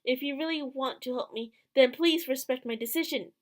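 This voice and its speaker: Woman reading as a soft-spoken, resigned young man in a visual novel, voice stays high. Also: normal speed, natural voice. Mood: tender. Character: young man, gentle and resigned, fading away.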